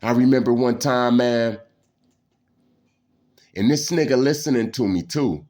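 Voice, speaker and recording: A man's voice: medium pitch, unhurried, darkish tone. A man, telling personal stories in a rambling, intense way and saying "man" again and again. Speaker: storyteller. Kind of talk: casual personal storytelling.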